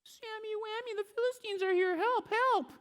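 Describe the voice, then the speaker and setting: A man playing Delilah, coaxing falsetto. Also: moderate pace, a bit bright. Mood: wheedling. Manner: sing-song, coaxing falsetto. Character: pleading, wheedling woman, Delilah.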